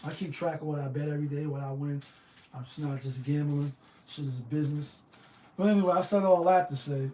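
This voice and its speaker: Animated high-voiced man talking betting picks. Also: fairly quick, roomy sound. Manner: animated, slangy, rhetorical questions. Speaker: sports betting show host. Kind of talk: casual solo picks talk.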